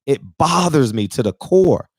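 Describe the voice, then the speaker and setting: A mid-range voice with lively intonation and an unhurried pace belongs to a man in his forties who regularly appears on a barbershop talk show. He's emotional and near tears, delivering a casual, preachy monologue and repeating points emphatically, recorded in studio quality with no room sound.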